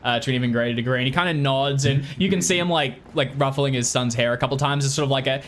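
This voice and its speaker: A man's voice: medium pitch, fast, few pauses, a bit bright, a little hiss or hum. A man acting as game master, narrating a tabletop game in a casual, hesitant way.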